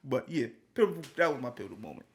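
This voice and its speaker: A young man co-hosting a podcast, talking casually and animatedly, with loud bursts and laughs. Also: medium pitch, animated, racing, noisy background. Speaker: podcast co-host. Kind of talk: casual chat.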